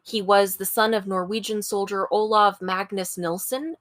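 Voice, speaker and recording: A woman's voice: medium pitch, little pitch movement, normal speed, a bit bright, dry recording, clean studio sound. A woman co-hosting a true-crime podcast, telling the story casually with wry asides. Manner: chatty, wry asides with frequent laughs. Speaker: podcast co-host.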